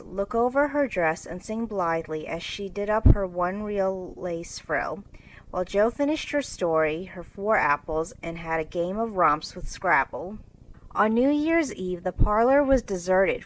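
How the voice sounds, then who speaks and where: A woman narrating a classic novel as a storybook reading for English learners, measured and even. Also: lowish voice, low-quality recording.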